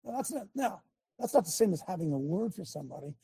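Gravelly, husky high-voiced preacher. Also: male voice, sing-song, fast talker, warm tone, no room sound. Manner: folksy, emphatic, talks to his tech aloud. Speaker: preacher hosting a live show. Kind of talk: casual preaching commentary.

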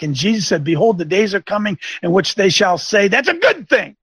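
A man preaching an informal sermon, folksy and emphatic, slowing down to read scripture aloud. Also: sits high, very animated, slightly rough, dry recording. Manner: folksy, colloquial, emphatic, reads scripture slowly.

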